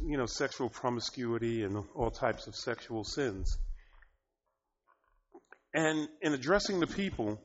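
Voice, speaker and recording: A medium-pitched man preaches a sermon, laughing often and breaking into loud, emphatic bursts. The recording is dull and lo-fi.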